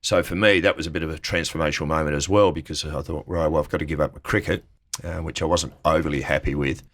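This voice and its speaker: An Australian-accented business owner in his fifties talks fast in a bass voice that's a bit bright, with fairly even intonation. As an interview guest, he shares casual anecdotes from his career and acts out the people he quotes by lifting his voice.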